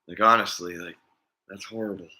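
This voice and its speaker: A man's voice: sits low, fairly even intonation, fairly quick, sharp tone. A man vlogging in a casual, rambling chat, often chuckling as he talks.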